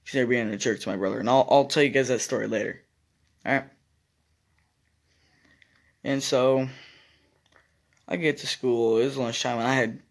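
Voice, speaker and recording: A man's voice: mid-range voice, gravelly. A young man casually telling a school story to his viewers, rambling and correcting himself as he acts out what others said. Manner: rambling, self-correcting, acts out quoted lines. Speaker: vlogger.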